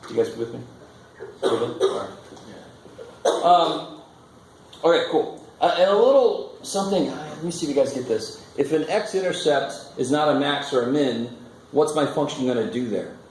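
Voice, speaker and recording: A man's voice: a little high, expressive, moderate pace, a little mellow. Casual male math teacher in an echoey classroom. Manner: casual, joking, thinks aloud at the board. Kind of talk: classroom lecture. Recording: echoey classroom with faint noise.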